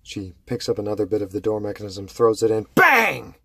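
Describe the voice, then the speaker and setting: A man telling a horror story slowly and dramatically, dropping low and hushed to build tension. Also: little pitch movement, dry recording, clean studio sound.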